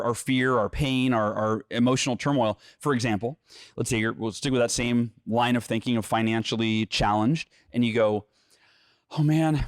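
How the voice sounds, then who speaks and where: A middle-aged man speaking as an interview guest, animated and earnest, slipping into little acted-out voices to make his points. His voice sits at an ordinary middle pitch. The studio sound is dry and close, with no room around it. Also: dry recording. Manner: energetic, acts out inner voices and quotes; repeats words when restarting. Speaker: author and guest. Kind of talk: conversational interview, teaching.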